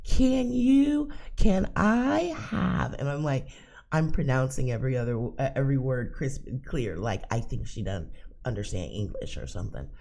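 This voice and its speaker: A woman telling a funny everyday story in a casual, animated way, laughing and acting out the people in it. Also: rumbling low, fairly quick. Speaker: psychic reader and channel host.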